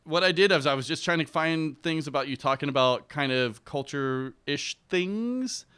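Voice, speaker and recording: A man's voice: a little high, animated, normal speed, sharp tone, clear, resonant tone. A man hosting a podcast in casual chat, amused and teasing his co-host.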